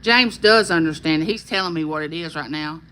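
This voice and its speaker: A woman's voice: low voice, fairly quick, crowd noise, rough recording. A woman with a Southern accent hosting a casual live stream, chatting and reading viewer comments aloud in a friendly, folksy drawl. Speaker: YouTube host on a live stream.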